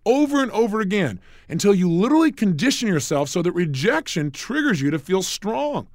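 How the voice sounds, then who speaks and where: A man's voice: high-pitched, big pitch swings, brisk, dry recording, clean studio sound. A middle-aged man giving a punchy, emphatic motivational talk as a coach-like speaker.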